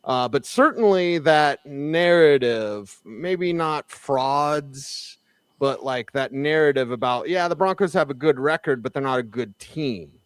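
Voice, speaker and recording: A man co-hosting a sports radio show in an easygoing, casual way, quick to agree and laugh. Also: medium pitch, expressive, smooth, no room sound.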